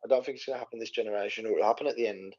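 A man's voice: fairly low pitch, rapid-fire, highs cut off. A man co-hosting a casual podcast, telling a story in a rambling way with lots of fillers and restarts. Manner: rambling, animated retelling with many fillers and restarts. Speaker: podcast co-host. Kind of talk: casual chat.

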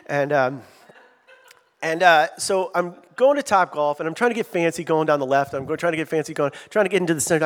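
A middle-aged man preaching a sermon in a lively, conversational way, with asides to his congregation. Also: fairly high pitch, fairly quick. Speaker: pastor.

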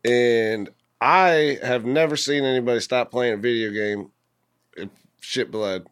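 A man co-hosting a casual chat, riffing in an animated, slangy, emphatic way. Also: medium pitch, measured pace, clean tone, no echo, clean studio sound. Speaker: podcast co-host.

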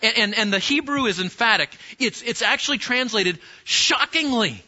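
A man teaching a sermon-style Bible lesson, animated and acting out the scenes he describes, often repeating himself. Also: very high-pitched, moderate pace, lo-fi sound.

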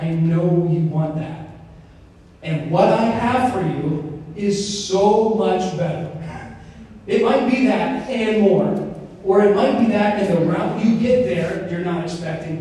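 A young man giving a casual faith talk, telling stories with lots of fillers. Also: sits high. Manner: animated storytelling with many fillers. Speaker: speaker on Christian formation. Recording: very echoey hall, mic far off, faint noise.

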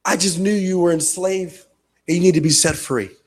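A man preaching a sermon with passion, shouting hard and then dropping to a low, quiet voice. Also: steady tone, moderate pace. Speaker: pastor.

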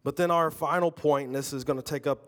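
A man's voice: a little high, steady tone, quick pace, a bit bright. Preaching man in a reverberant hall. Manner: conversational preaching with personal stories. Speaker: pastor. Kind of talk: sermon.

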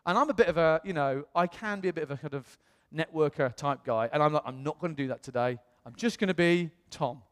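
British male pastor, higher-pitched voice, animated storytelling sermon, long hall reverb. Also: fast, few pauses. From England. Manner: animated, acts out quoted voices.

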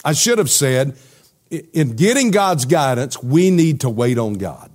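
A man's voice: mid-range voice, big pitch swings, a little slow, a little mellow. A male pastor preaching a sermon in a conversational way, putting questions to the congregation.

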